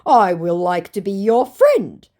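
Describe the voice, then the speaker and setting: A woman's voice: wildly swooping pitch, slow, dark tone. A woman mocking a whiny young scammer. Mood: pleading. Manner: high, exaggerated mocking imitation. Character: pushy young male online scammer, clumsy and whiny.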